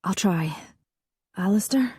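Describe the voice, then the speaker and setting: A woman voicing a headstrong young bride, proud and passionate, speaking in a breathy, softly pleading whisper. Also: lowish voice, moderate pace, no room sound, clean studio sound. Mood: tender.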